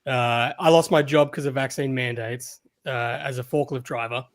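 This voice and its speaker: A man's voice: mid-range voice, fairly even intonation, moderate pace, no echo, studio quality. A man with an Australian accent, a guest on a podcast, talking casually and hesitantly with many fillers. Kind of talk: casual interview chat.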